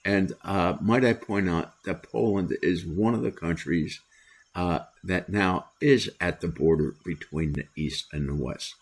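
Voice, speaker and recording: An older American man hosting a solo commentary, talking in a deliberate, opinionated way with many "uh" pauses. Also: low voice, breathy edge. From United States. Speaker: commentary host.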